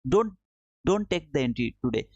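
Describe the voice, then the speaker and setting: A man's voice: mid-range voice, very animated, normal speed, a little mellow, dry recording. Repetitive man teaching on a dull stream. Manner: repetitive, coaxing, addresses viewers as brother. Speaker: trading livestream host. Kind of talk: live-stream trading lesson. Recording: dull dry lo-fi stream audio.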